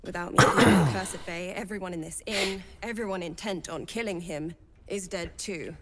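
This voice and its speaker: A woman's voice: on the low side, a little fast, a bit bright, close to an everyday voice. A woman voicing a weary young cleric in a video game, speaking in a worried, earnest manner.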